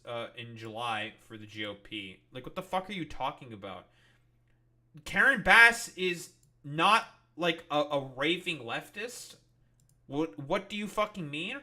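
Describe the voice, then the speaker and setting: A man's voice: a little high, bright, forceful tone. A young man doing live-stream commentary, ranting in an exasperated, profane way with mocking, sarcastic asides.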